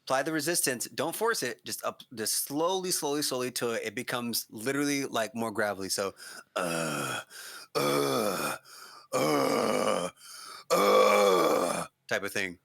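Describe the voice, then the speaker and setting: A man with a bright, forward voice talks a beginner through metal singing, stopping now and then to demonstrate growls and screams. His speech is casual, full of restarts and fillers. The sound is dry and close, with little room around it. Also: medium pitch, lively intonation, moderate pace, no echo. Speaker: vocal coach. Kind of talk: casual teaching chat. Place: streaming setup, video call.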